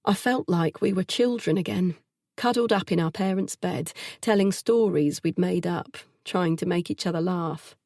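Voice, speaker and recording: A woman narrating a first-person audiobook in an intimate, measured way, recorded on a close studio mic. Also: lowish voice, darkish tone, no room sound.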